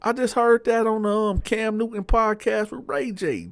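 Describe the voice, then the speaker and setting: Animated man telling a street story. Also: sits high, normal speed, few pauses, no room sound. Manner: animated, acts out dialogue in voices. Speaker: storyteller host. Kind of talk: casual prison storytelling.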